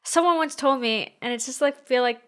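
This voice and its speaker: A woman's voice: high voice, brisk, fairly bright tone. A young adult woman co-hosting a podcast in casual chat, talking with many fillers and frequent laughs. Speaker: podcast co-host.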